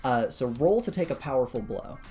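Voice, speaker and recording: A man narrating a tabletop game as game master in a relaxed way, with many "uh" fillers. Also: medium pitch, brisk, soft background music. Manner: relaxed, lots of "uh" fillers, chuckles.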